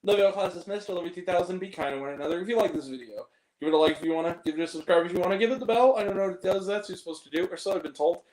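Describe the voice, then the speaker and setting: A man's voice: sits high, racing, a little mellow. A young man giving a casual, blunt, rambling video review of a film, apologetic and self-deprecating as he goes. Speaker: movie reviewer. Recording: echoey room.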